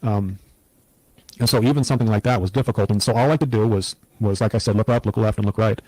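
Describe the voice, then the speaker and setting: A middle-aged man speaks in an earnest, reflective way, recounting hard times as an interview guest. His voice is dark and mellow, recorded close and dry with no room sound. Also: on the low side, fast, no echo, low-quality recording. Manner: earnest, reflective, steady storytelling. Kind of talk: personal testimony in an interview.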